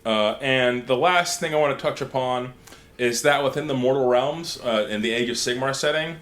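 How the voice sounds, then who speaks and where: A man hosts a casual podcast, recounting stories with lively energy and jumping into short character bits. His voice sits at a middle pitch. The recording carries a roomy echo. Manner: animated storytelling, acting out characters in quick asides. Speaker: podcast host. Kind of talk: casual lore discussion podcast.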